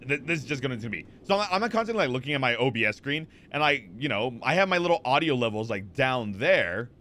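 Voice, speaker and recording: A man streaming from his home setup talks straight into a desk mic, with a clear, bright, forward voice. He rambles through chat messages, answers viewers on the fly and keeps circling back with "like" and "you know". His pitch sits in the middle of the male range. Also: fast talker. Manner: rambling, animated, lots of fillers and repeats; reads chat messages aloud and answers them. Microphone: desk microphone.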